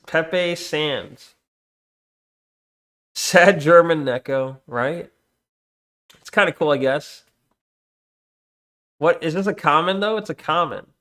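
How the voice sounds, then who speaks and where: A man's voice: fairly high pitch, fairly bright tone. A man streaming live in casual chat, reading comments aloud and often breaking off to say "hold on". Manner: distracted, reads chat aloud, many restarts and "hold on"s.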